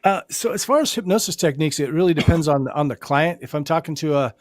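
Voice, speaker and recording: A man co-hosting a casual live-stream chat about hypnosis, animated and quick to laugh. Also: fairly high pitch, no room sound, clean studio sound. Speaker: hypnotist co-host.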